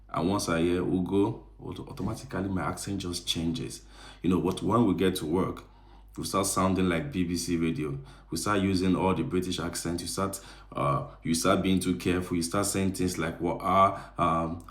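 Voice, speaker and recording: A man from Nigeria, talking casually and animatedly to camera as a vlogger, addressing his viewers directly. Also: sits low. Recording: roomy echo.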